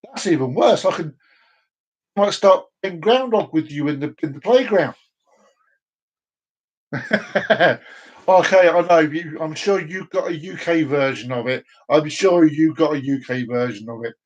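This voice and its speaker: A man's voice: a little high, unhurried, dull audio. A man talking in a rambling, teasing monologue for his video channel, with frequent restarts. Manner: teasing, chatty, many restarts. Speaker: vlogger.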